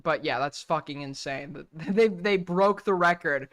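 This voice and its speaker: A man's voice: a little high, a little slow, a bit bright. A young adult man hosting a casual reaction stream, talking bluntly and swearing freely as he gives his opinions. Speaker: streamer host.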